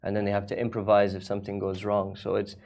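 A man's voice: on the low side, monotone, fast, gravelly, darkish tone. A man talking as an actor guest in a casual interview, rambling with restarts and fillers.

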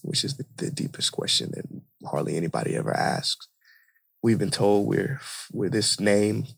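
Gravelly-voiced man telling a story. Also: fairly low pitch, moderate pace. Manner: animated, repeats phrases for emphasis. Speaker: podcast guest, inspirational speaker. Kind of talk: storytelling in conversation.

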